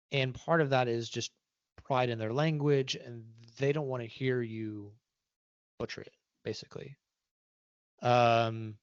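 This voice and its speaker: A man's voice: mid-range voice, no echo, dull audio. A man giving an interview, talking casually with restarts and "right?" tags. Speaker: guest.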